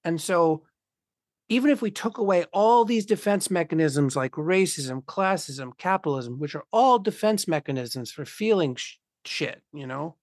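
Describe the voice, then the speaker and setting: In casual conversation, a blunt, foul-mouthed speaker riffs on philosophical ideas, dropping into imagined voices as he goes. His pitch is middling and his tone darkish, at a moderate pace. The recording is close and dry, with no room sound at all.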